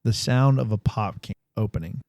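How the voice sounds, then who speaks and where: A man rambles casually on a podcast, often correcting himself. His voice is low and gravelly, with a mellow tone. The room sounds dry and close. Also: expressive, normal speed, no room sound. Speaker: podcast co-host. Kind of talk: casual chat.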